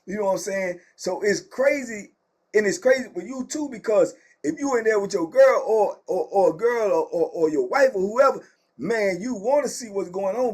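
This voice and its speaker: Host type: middle-aged man, husky and high-voiced, animated slangy storyteller. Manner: animated, slangy, acts out quoted people. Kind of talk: casual prison story time.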